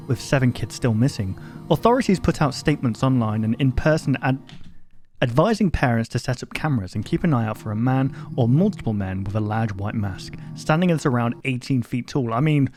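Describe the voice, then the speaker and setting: A man hosting a reaction video, reading a horror story aloud in an even tone and breaking off with sudden loud exclamations. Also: mid-range voice, brisk, soft background music.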